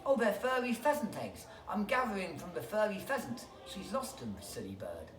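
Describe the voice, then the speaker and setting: A reader voicing a kindly, quick-witted bear who protects mice, in a bright, reassuring voice. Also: mid-range voice, wildly swooping pitch, music in the background, voice pushed up. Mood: cheerful fibbing. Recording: echoey room, distant mic, background noise.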